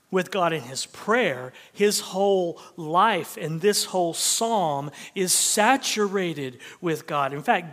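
A man preaching a sermon as pastor, shifting between emphatic declarations and hushed near-whispers. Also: high voice. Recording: long hall reverb.

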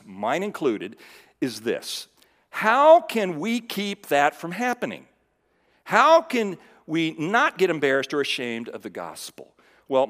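A man preaching in a church hall, his voice sitting a little high and rising and falling widely as he swings from loud emphasis to hushed lows. He talks conversationally, checking in with his audience. A long reverb trails behind every word. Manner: conversational, with fillers and restarts, asks the audience questions. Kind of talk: sermon.

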